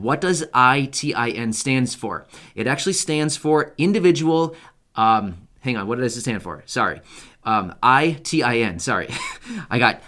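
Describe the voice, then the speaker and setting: This man runs his own channel and addresses the audience directly in a relaxed explainer video, circling back to key points to stress them. He has a medium-pitched voice that leans a little bright.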